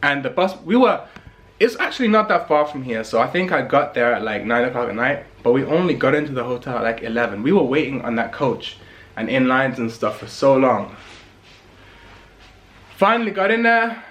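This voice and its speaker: A young man from England, telling a story in a casual vlog in an animated, emphatic way, repeating lines for effect. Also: medium pitch, moderate pace.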